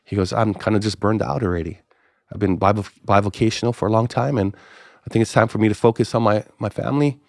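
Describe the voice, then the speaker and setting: A man's voice: fast talker, gravelly, dry recording, studio quality. A middle-aged male pastor from Hawaii, telling a story in casual talk and acting out both sides of the dialogue. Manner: animated storyteller, acts out both sides of dialogue with pitch jumps. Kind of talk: casual storytelling podcast interview.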